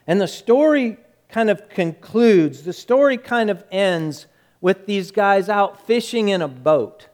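A male preacher retelling a story in a sermon, emphatic, repeating words and dropping quiet. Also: high voice, lively intonation, takes it slowly.

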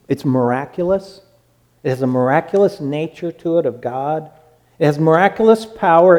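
A man preaching a sermon as pastor, swinging from loud exclaiming to hushed words. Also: fairly high pitch.

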